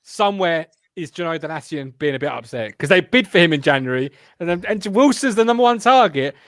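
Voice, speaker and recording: A man's voice: a little high, expressive, a little fast, a bit bright, no room sound, clean studio sound. A man hosting a casual fan show over a video call, joking, teasing his guests and reading out viewer comments. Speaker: host of a fan podcast. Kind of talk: casual chat and banter.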